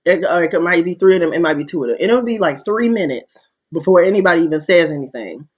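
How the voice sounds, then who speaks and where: Talking quickly in a high, expressive male voice, the vlogger shares a casual opinion piece with his viewers. It's candid, profane storytelling, and the lo-fi audio sounds dull.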